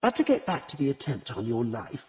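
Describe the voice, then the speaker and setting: A man reading the lines of a gentle, sensible vicar's wife, speaking earnestly and with caution. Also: medium pitch, wildly swooping pitch, fairly quick. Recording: reverberant, slightly dull audiobook recording.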